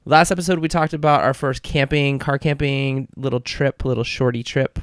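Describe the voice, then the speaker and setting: A man's voice: medium pitch, steady tone, normal speed, smooth, no echo, clean studio sound. A man co-hosting a podcast in casual, jokey, rambling chat. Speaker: podcast co-host.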